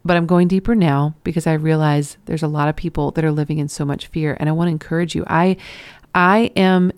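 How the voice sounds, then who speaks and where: Female podcast host, lowish voice, earnest encouraging monologue with restarts. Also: steady tone, brisk, a little mellow, clear, resonant tone, no echo, studio quality.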